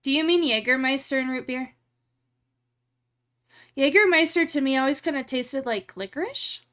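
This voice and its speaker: A woman's voice: high voice, moderate pace, fairly bright tone. A woman streamer chatting casually with her live chat while she edits photos. She rambles along, fills her talk with "like" and laughs easily.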